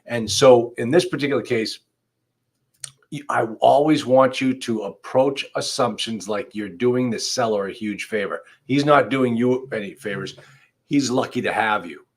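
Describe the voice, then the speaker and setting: An attorney hosts a livestreamed law class, talking straight to his viewers in a conversational yet emphatic way. His voice is medium-pitched and his speed is normal.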